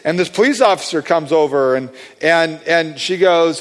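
A man's voice: a little high, normal speed. Rambling man in a reverberant hall. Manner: rambling, many fillers and restarts; animated, acts out quoted voices. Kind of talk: excited storytelling testimony.

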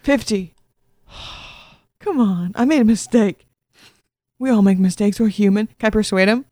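A woman's voice: medium pitch, unhurried, mellow, no room sound, clean studio sound. A woman playing a tabletop game, haggling playfully with the game master. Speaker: player.

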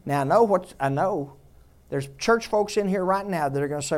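A pastor with a high voice preaches a conversational sermon at a moderate pace, quizzing the congregation and dropping to a hush on tender points.

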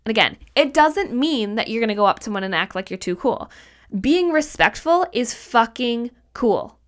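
A woman's voice: on the high side, expressive, normal speed. A woman hosting a solo podcast as a mindset coach, talking casually and emphatically, repeating points for stress and swearing now and then.

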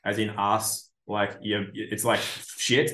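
A man hosting a podcast, talking in a blunt, profane, animated way in casual chat. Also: fairly low pitch, takes it slowly, echoey room. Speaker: podcast host.

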